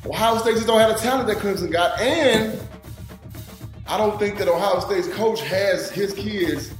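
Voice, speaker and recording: A man co-hosting a casual sports talk show, animated and profane, often adding "you know what I'm saying". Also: sits high, moderate pace, echoey room, faint music behind. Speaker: podcast co-host.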